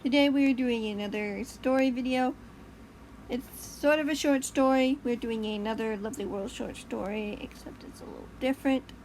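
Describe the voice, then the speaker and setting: Woman, story reading, casual and chatty, fixes slips, higher voice, faint background hiss. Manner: chatty, corrects slips aloud, laughs at asides. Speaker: YouTuber reading her own story.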